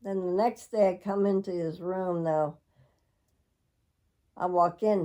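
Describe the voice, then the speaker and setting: Speaking a little slowly in a fairly low, mellow voice, a middle-aged vlogger shares a personal story with her viewers. She rambles and reflects, laughing often.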